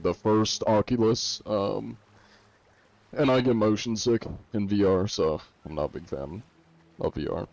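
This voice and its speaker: A relaxed male streamer chats with his viewers while he plays. His voice is fairly low and mellow, and he laughs easily between loose, unhurried thoughts. A faint background noise sits under the desk-mic recording. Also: rough recording. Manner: laid-back, laughs often, many fillers. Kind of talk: casual gameplay chat.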